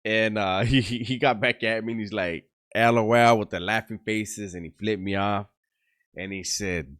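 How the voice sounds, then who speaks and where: A man's voice: fairly low pitch, moderate pace, fairly bright tone. A man telling a story to his channel in casual talk, laughing often and using streetwise slang. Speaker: YouTuber.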